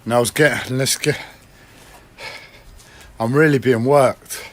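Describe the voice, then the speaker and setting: A man speaking alone on a personal livestream vlog. He rambles, criticises himself, swears often, and keeps clearing his throat and coughing. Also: medium pitch, a little slow, a bit bright.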